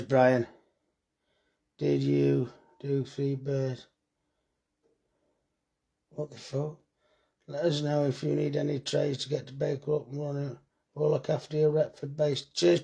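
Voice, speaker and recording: A man's voice: fairly high pitch, gravelly. A tired man, chatting bluntly and joking with swearing while reading comments on a live phone stream about his butcher's shop.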